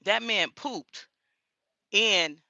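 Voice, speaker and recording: A woman's voice: mid-range voice, very slow, bright, forceful tone, no room sound, muffled recording. A woman talking straight to her viewers in a casual vlog, blunt and indignant. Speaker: vlogger.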